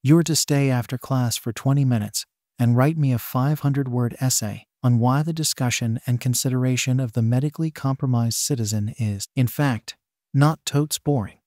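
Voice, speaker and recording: A stern, weary male teacher, as a man reading a story puts him on, giving clipped orders with no patience to spare. The voice sits at an ordinary middle pitch. The sound is dry and close. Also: moderate pace, a little mellow, no echo, natural voice. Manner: curt, no-nonsense orders.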